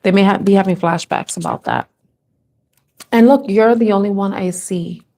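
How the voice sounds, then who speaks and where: A woman's voice: mid-range voice, moderate pace, warm tone. A woman giving a live tarot reading to camera, talking in a tender, rambling way and growing emotional as she reads. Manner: tender, rambling, moved to tears at times. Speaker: tarot reader.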